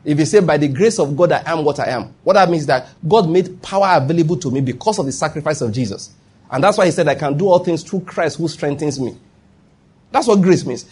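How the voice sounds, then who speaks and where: A man with a Nigerian accent delivers a sermon in a husky voice pitched a little high. He drives points home by repeating them and asking rhetorical questions. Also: darkish tone. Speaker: pastor.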